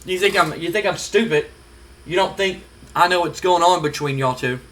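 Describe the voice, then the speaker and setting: A man's voice: a little high, normal speed, fairly bright tone, a little hiss or hum, lightly acted. A man voicing a stern, snobbish wealthy father who scolds his daughter with a stammer. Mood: scolding.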